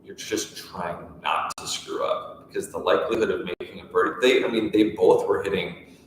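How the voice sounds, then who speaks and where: Man, low voice, casual rambling golf chat, echoey room, off-mic. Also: fairly even intonation, normal speed, distant mic, slight background noise. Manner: rambling, with many restarts. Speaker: golf pro co-host.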